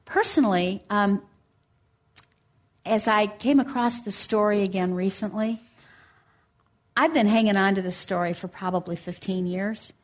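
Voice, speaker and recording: A woman preaching a sermon, telling a story in a gentle, earnest way and reading scripture aloud. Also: medium pitch, measured pace, pauses often.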